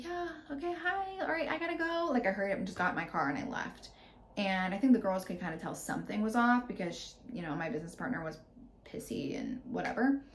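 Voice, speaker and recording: A woman in her thirties hosting a podcast, telling a personal story in a candid, animated way and swearing freely. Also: on the low side, echoey room. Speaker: podcast host. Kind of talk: casual storytelling monologue.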